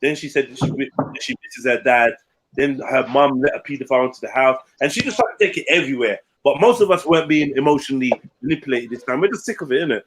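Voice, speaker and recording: A man's voice: mid-range voice, fast talker, slightly rough. A man, telling a story in casual, blunt, slangy podcast chat. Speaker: podcast co-host.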